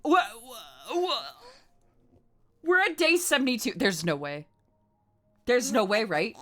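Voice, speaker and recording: High, bright, excitable woman streamer. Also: takes it slowly. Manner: excitable, swears a lot, swings between shouting and mumbling. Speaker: livestreamer. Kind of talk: casual livestream chat.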